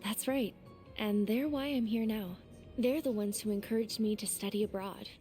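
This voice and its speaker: A poised, self-assured young woman who leads her classmates, voiced by a woman. She speaks calmly with a light teasing warmth, at a mid pitch, as game audio with faint music underneath. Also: normal speed, close to an everyday voice. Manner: composed, warmly teasing. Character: poised young woman student council president.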